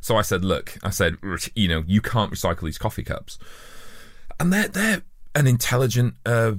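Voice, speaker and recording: A young man co-hosting a casual conversation, animated and quick to act out quoted remarks. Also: no room sound, studio quality. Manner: animated, jumps in pitch when acting out quotes. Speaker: podcast co-host.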